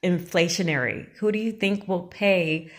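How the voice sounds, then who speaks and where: A woman's voice: lowish voice, normal speed. A woman playing an interviewer in a comedy sketch, asking skeptical, pointed questions. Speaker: mock interviewer.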